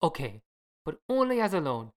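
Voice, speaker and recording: A woman's voice: low-pitched, very animated, normal speed. A woman voicing a charming young Italian man in a put-on Italian accent, reading a scene on a podcast in a mock-dramatic way. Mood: earnest. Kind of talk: casual podcast scene read.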